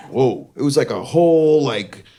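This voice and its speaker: A man's voice: mid-range voice, dark tone. A young man with a Queens, New York accent doing a brash, swearing stand-up set in a comedy club. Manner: brash, swearing, exasperated storytelling. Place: comedy club with live audience. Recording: audience laughter in club.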